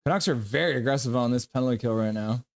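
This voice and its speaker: A man's voice: mid-range voice, fast. A man hosting a live stream, calling the hockey play-by-play and joking with the chat. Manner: jokey, banters with chat between play calls. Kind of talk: casual play-by-play and chat reading.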